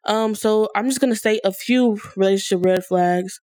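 A woman's voice: medium pitch, normal speed, darkish tone, dry recording, studio quality. A young woman hosting a podcast in a casual, upbeat and encouraging way, hyping up her listeners. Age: young adult. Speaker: podcast host.

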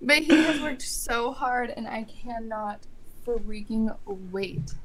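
A woman's voice: fairly high pitch, slow, crowd noise, rough recording. A young woman in her twenties co-hosting a podcast, talking casually in an emphatic, supportive way. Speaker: podcast co-host. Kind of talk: casual chat.

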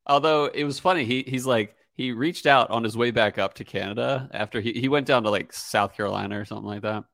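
A man's voice: medium pitch, quick pace, gravelly, a bit bright, dry recording, studio quality. A man in his thirties co-hosting a podcast, chatting casually and joking with lots of fillers. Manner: laid-back, joking, many fillers. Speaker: podcast co-host. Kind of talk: casual chat.

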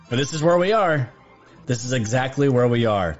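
A man's voice: mid-range voice, animated, normal speed. Male host, opinionated commentary, punchy and repetitive, slightly dull recording with faint music. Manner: emphatic and repetitive.

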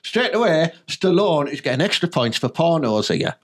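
Animated, jokey male podcast co-host. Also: on the high side, moderate pace. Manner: jokey, teasing, reads out film lists. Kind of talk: casual chat.

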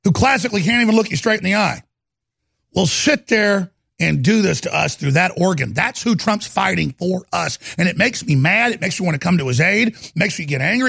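Angry male radio host, ranting, husky voice, high pitch. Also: lively intonation, brisk, fairly bright tone, no echo, clean studio sound. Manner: heated, ranting, repetitive. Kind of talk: angry political talk radio monologue.

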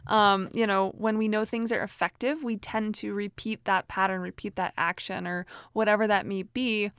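A woman's voice: medium pitch, fairly even intonation, normal speed, a bit bright, clean tone, no echo, clean studio sound. A woman in her thirties giving casual self-help advice, chatty and full of fillers and restarts. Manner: chatty, many fillers and restarts, frequent laughs.

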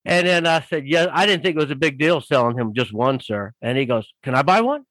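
A man's voice: mid-range voice, fairly quick, a bit bright, no echo, rough recording. A man telling a story casually as a guest author, rambling with many fillers and doing voices for the people in it.

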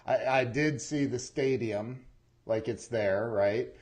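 A man hosting a podcast interview, asking questions in a halting, repetitive way with many fillers. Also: mid-range voice, darkish tone. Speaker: podcast host. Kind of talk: casual interview chat.

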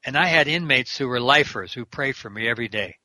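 A man's voice: mid-range voice, lively intonation, fairly quick, sharp tone, dry recording. An older man, a prison minister and guest, talking fervently in an interview and quoting scripture verse by verse. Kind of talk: preaching interview talk.

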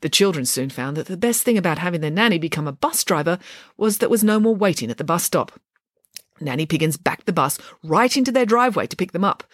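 Lively woman reading an audiobook. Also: on the low side, fast talker, dry recording, studio quality. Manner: lively, playful storytelling. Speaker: narrator. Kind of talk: audiobook narration.

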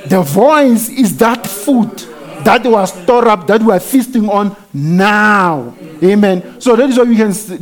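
A man with a high voice preaches a sermon. He speaks with emphatic fervor and drops hallelujahs and amens between his points. He builds repeatedly to loud exclamations.

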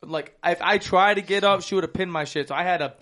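A man's voice: sits high, fast, a bit bright. A young man telling crude, profane stories in casual chat with friends, laughing often. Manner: rowdy, profane, laughing storyteller.

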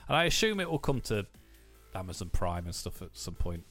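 Lower-voiced man, dry podcast banter. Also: very animated, a little fast, a bit bright, soft background music. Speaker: podcast co-host. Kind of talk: casual chat.

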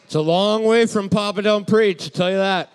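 A man's voice: high voice, steady tone, normal speed, clear, resonant tone. A man co-hosting a bar trivia night, trading crude wisecracks with the host. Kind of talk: casual banter.

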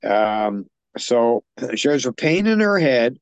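A man's voice: mid-range voice, big pitch swings, slow, smooth, dry recording. Rambling man recapping a film. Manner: rambling plot recap with filler words. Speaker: podcast co-host. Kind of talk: casual film discussion.

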